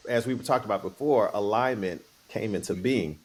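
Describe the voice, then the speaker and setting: A middle-aged man, a guest on an interview show, telling stories in a relaxed, playful way. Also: fairly low pitch, moderate pace, breathy edge. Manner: relaxed, playful, acts out quoted voices. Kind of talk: casual storytelling interview.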